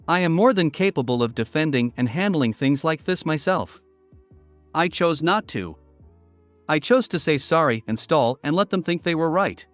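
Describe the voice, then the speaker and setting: A man reading online stories aloud as a narrator in a steady voice. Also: on the high side, no room sound. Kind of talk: scripted story narration. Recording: dry with faint music behind.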